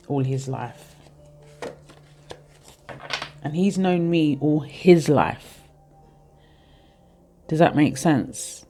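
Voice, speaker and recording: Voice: medium pitch, mellow, slight background noise. A tarot reader in their thirties giving a casual reading, rambling and heartfelt as they speak straight to the viewers. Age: 30s.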